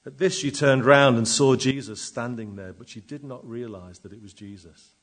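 A man delivers a sermon in a slightly husky, breathy voice. He reads scripture and then expounds on it, drawing out key words with slow pauses and swelling to loud emphasis before falling quiet again. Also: mid-range voice. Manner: dramatic, wide swings in loudness, slow emphatic pauses. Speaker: preacher.

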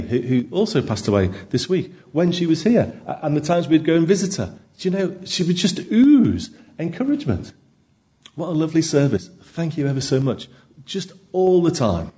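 Male pastor, church sermon, animated up-and-down pitch, chatty rhetorical questions. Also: moderate pace. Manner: conversational, with many rhetorical questions.

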